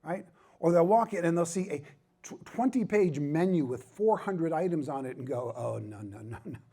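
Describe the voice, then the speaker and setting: A man's voice: a little high, moderate pace, mellow. A middle-aged man speaking at a ministry conference, with a self-deprecating, joking manner and emphatic repetition. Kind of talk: humorous conference talk.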